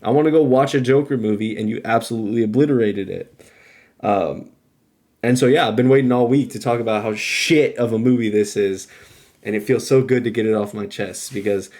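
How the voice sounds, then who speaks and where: A man co-hosting a podcast, giving a heated, profane movie review that swings from loud outbursts to low muttering. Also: fairly quick. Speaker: podcast co-host. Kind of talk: casual ranting movie review.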